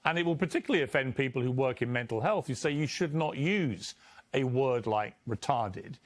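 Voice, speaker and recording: A man with a British accent, a talk show host, questioning a guest in a measured, pressing way. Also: mid-range voice, animated, dry recording. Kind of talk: interview questioning.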